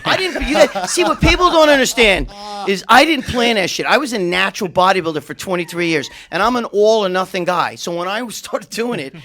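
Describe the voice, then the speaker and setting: A man in his fifties, a talk show guest telling loud, profane, laughing stories. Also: high-pitched, animated, a little fast. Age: 50s. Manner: loud, swearing, laughing storyteller. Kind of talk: profane casual chat.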